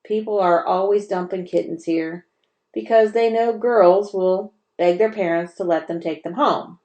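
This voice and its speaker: A woman voicing a gloomy, grumbling male watchdog with a gruff, complaining manner in a storybook reading. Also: medium pitch, a little slow, darkish tone, dull audio, lightly acted. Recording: roomy echo.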